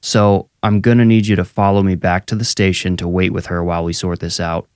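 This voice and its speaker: Guy doing a smug fake cop, low dry voice, officious and a bit menacing. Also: flat delivery, brisk, darkish tone, clean tone, no room sound. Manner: curt, officious, hesitant when pressed.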